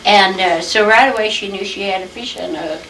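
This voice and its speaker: An older woman from Iowa tells a family history story in an unhurried, chatty way. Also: medium pitch, a bit bright. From Iowa, USA. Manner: unhurried, chatty, acts out old conversations. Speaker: interviewee telling family history. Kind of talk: reminiscing storytelling. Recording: roomy home recording, distant mic, faint hiss.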